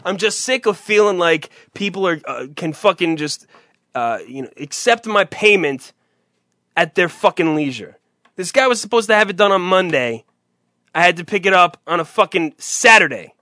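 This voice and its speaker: Forceful, bright-voiced ranting man. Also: high voice, no echo, studio quality. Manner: rambling, profane, exasperated storytelling. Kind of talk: profane comedic rant.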